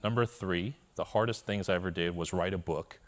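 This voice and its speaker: This man from Korea delivers a keynote about his life before a live audience, keeping it frank and self-mocking while often engaging the listeners. He speaks briskly, his voice sitting low.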